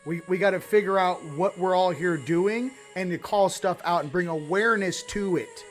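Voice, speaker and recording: A man's voice: sits high, moderate pace, faint music behind. A man hosting a casual livestream card reading, rambling and fired up, with frequent restarts and asides. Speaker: host of a spiritual card-reading stream.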